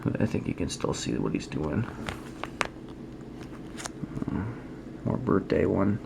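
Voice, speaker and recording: A man's voice: low voice, lively intonation, slow, creaky, background noise. A man who is a trading card artist, showing his work in a casual, rambling way, thinking aloud and criticizing his own choices. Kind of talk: casual show-and-tell.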